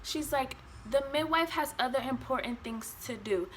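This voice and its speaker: A young woman vlogger telling a personal story in an animated, blunt way, swearing freely. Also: high-pitched, moderate pace, slight background noise. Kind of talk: storytime vlog.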